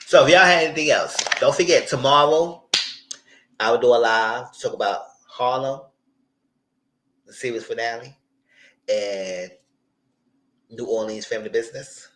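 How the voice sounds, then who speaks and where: A young man hosting a casual live TV recap, animated and slipping into the voices of the people he quotes. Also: medium pitch, moderate pace, long pauses, roomy sound, rough recording. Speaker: YouTube TV recap host.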